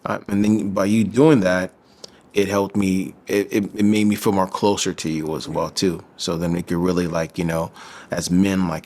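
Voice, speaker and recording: A man's voice: low-pitched, level tone, moderate pace, darkish tone, slight background noise. A man from the Midwestern United States, a physician assistant, talking casually and earnestly with lots of fillers. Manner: loose, filler-heavy, earnest. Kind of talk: casual conversation.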